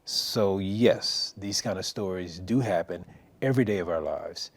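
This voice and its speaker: A middle-aged man telling a story on a local talk show, animated and acting out the quotes. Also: low voice, a little slow, slightly rough.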